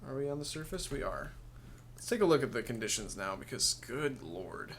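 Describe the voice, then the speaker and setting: A man's voice: mid-range voice, sing-song, moderate pace, vocal fry, fairly bright tone, slight background noise. A man giving casual let's play commentary, sarcastic and grumbling, cursing and laughing at the game.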